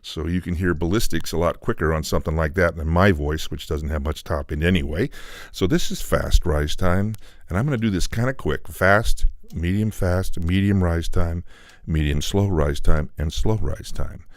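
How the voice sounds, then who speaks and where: A man with a very low, deep voice walks through how a piece of studio gear works, loose and explanatory, with plenty of ums and uhs. He sounds close and dry on a studio mic, sometimes leaning back from it. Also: moderate pace, no echo. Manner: loose, explanatory, with frequent fillers. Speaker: equipment designer demonstrating a preamp. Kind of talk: technical product demonstration. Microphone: studio microphone, moving on and off it.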